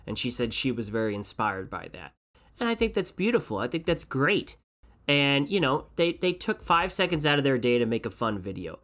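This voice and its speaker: A man co-hosting a podcast, talking in a casual, animated way, getting exasperated and often restarting his sentences. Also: medium pitch, normal speed. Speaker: podcast co-host. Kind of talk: casual chat.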